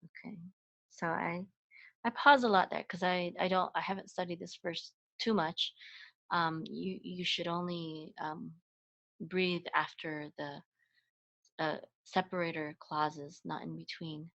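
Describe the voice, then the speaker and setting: A Hebrew and Torah chanting teacher, a woman with a slightly low, somewhat bright voice, leads a slow step-by-step reading lesson. Her intonation stays fairly even as she patiently sounds out each letter, vowel, and syllable one at a time. She hesitates often, using many fillers and restarting her phrases.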